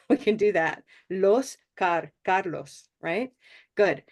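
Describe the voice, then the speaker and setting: Woman, pronunciation teacher, encouraging, repeats sounds slowly, mid-pitched. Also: a little mellow. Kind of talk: online class instruction.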